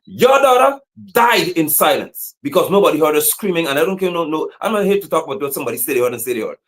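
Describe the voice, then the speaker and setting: Man, fiery preaching delivery, repeated slogans, swooping lively pitch. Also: fast. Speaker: activist commentator. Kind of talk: impassioned livestream commentary.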